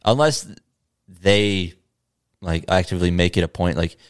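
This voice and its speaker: A man's voice: sits low, measured pace, noisy background. A man co-hosting a podcast in casual chat, trading jokes and playful asides. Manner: joking banter, playful asides. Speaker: podcast co-host.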